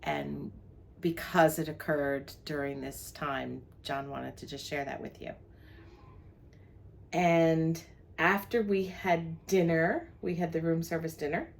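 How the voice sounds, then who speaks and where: A woman's voice: low voice, fairly even intonation, slow pace, vocal fry, slight background noise. An older woman from New Jersey, co-hosting a travel vlog and chatting about her day. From New Jersey, USA. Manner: chatty, lists the day's plans. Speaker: vlog co-host. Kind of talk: casual travel vlog chat.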